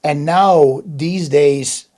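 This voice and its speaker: A man's voice: fairly high pitch, drawn-out words, warm tone. A man hosting an interview in casual chat, emphatic and often restarting his words. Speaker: host.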